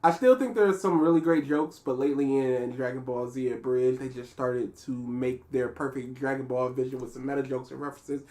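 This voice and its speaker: A man co-hosting a live reaction stream, rambling and joking in casual chat, often trailing off quietly. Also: medium pitch, fairly even intonation, fairly quick, few pauses. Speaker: co-host.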